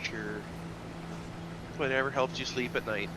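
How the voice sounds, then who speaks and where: A man's voice: mid-range voice, fairly even intonation, unhurried, very noisy. A man from southern Minnesota giving dry, joking replies during a co-op farming game stream. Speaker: co-op player. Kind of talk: casual gameplay chat.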